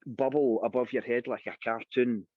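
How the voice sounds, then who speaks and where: A Scottish singer being interviewed, telling anecdotes in a casual, animated way and acting out the voices of the people in them. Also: male voice, mid-range voice, moderate pace, dry recording. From Scotland. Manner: lively anecdotal storyteller, acts out quoted voices. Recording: dry, dull lo-fi sound.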